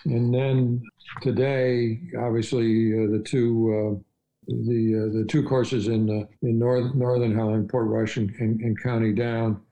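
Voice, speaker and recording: An older man recounts his travels in a relaxed, mellow voice. He rambles along with frequent "uh"s and restarts, like a guest in a casual chat. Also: mid-range voice, measured pace, muffled recording. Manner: rambling, many fillers and restarts. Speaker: podcast guest. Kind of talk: casual storytelling interview.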